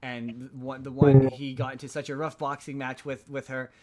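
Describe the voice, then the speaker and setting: A man's voice: medium pitch, flat delivery, normal speed, mellow, a little hiss or hum. A man hosting a podcast, casually recapping a film in a rambling way, with frequent restarts and repeated words. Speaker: podcast host.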